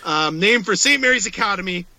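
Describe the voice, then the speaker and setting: A man's voice: high voice, expressive, a little fast, sharp tone, no echo, low-quality recording. A man co-hosting a podcast, reading out facts with playful asides in casual chat. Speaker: podcast co-host.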